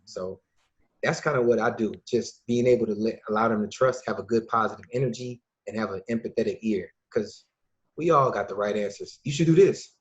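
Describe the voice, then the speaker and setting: A man from Illinois, a podcast guest and youth mentor, talking casually and acting out quoted dialogue with lively changes of voice. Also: on the low side, fairly quick. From Lake County, Illinois, USA. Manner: lively storyteller who acts out quoted dialogue. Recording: dull lo-fi recording.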